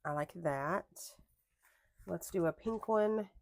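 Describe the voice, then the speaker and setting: Low-voiced rambling young woman. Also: slow, no echo. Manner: rambling, chatty, drifts into tangents and self-corrections. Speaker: planner vlogger. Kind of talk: casual chat while crafting. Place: at home at a craft desk.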